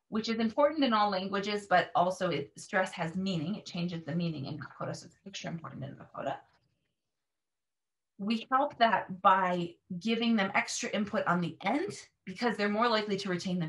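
Casting: earnest woman teacher, emphatic explainer, mid-pitched. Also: fairly bright tone. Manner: earnest, emphatic, models repeated words. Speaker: language teacher.

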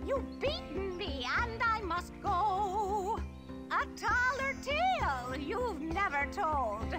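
A greedy fairy witch who can't stop eating pies delivers every line in a bouncing sing-song rhyme. Her voice sits high and swoops up and down. The role is acted for an old children's adventure game. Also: very animated, slow, loud music behind the voice, full character voice. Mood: gloating. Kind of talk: 1990s educational game voice acting.

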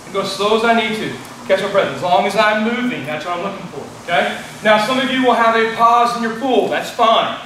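A man's voice: high-pitched, fairly quick, sharp tone, a little hiss or hum. A man with a Texan accent explaining a rowing test as an instructor, plain and repetitive, checking in with "okay?" as he demonstrates. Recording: echoey room from a distance.

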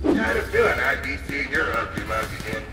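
An actor voicing a rude, mocking male animatronic game attendant with a gravelly, sneering voice. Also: mid-range voice, sing-song, fast. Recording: game audio with loud crowd noise.

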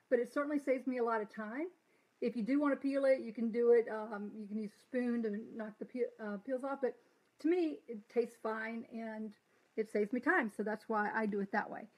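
A woman with a light Southern US accent hosting a live cooking demonstration, chatting as she works and reading viewer comments aloud. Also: fairly high pitch. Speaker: cooking demo host. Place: home kitchen.

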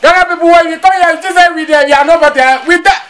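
A man's voice: extremely high pitch, fairly even intonation, quick pace, a bit bright. An actor playing an indignant Nigerian man in a comedy skit who complains about Ghanaians, speaking with a Nigerian Pidgin accent. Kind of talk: skit acting.

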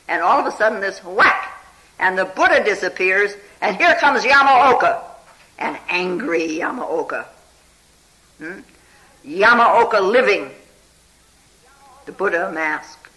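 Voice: medium pitch, animated, bright, forceful tone, rough recording. A meditation teacher giving a conversational spiritual talk, telling a Zen story and often checking in with the listeners with a questioning "hmm?" or "huh?". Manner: unhurried and conversational, full of "you know".

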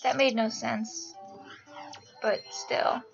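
Young woman, gaming host, giggly, gushing, slow-talking, muffled computer recording. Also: on the high side, flat delivery, creaky. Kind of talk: casual gameplay commentary. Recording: lo-fi screen-capture audio over game music.

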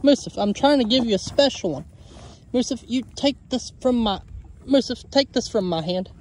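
A man's voice: extremely high pitch, a little hiss or hum. A man, a homesteader chatting casually in a vlog, coaxing and fondly talking to his animals. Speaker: homesteader vlogger. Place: outdoor pasture.

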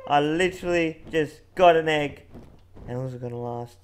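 A man playing a co-op game, excitable, swinging from muttering to yelling. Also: a little high, moderate pace, a little hiss or hum. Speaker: gamer. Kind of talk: casual co-op gaming chat.

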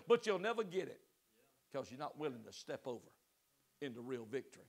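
A man preaching a sermon to his congregation, swinging between loud exhortation and soft pleading and asking them direct questions. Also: mid-range voice, sing-song, fairly quick, gravelly. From United States. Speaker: pastor. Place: church sanctuary.

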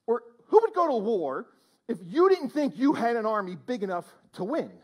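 A male preacher with a strikingly high voice delivers a sermon to his congregation in church. His pitch swoops up and down as he exclaims and throws questions out to the room. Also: big pitch swings, normal speed. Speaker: pastor.

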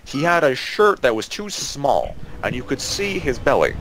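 Young man spinning an animated story. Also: mid-range voice, normal speed. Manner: animated, acts out quoted voices. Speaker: storyteller among gaming friends. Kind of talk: casual storytelling over voice chat.

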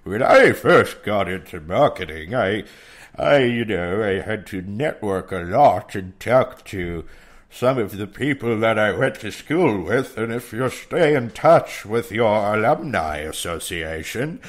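A man voicing a smug man giving career advice in a coffee shop, in a pompous, drawn-out, loud way. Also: on the low side, lively intonation.

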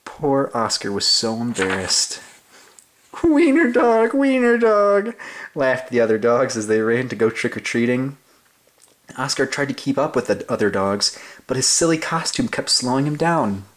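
A man's voice: mid-range voice, normal speed, fairly bright tone. A young man reading a children's story aloud in an overly silly, playful, exaggerated way. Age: young adult. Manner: playful, exaggerated, sing-song.

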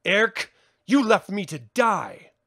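A man's voice: sits high, big pitch swings, slow, creaky, bright, forceful tone, a little hiss or hum, exaggerated voice. A man voicing a cocky, swaggering swordsman who talks wry and boastful.

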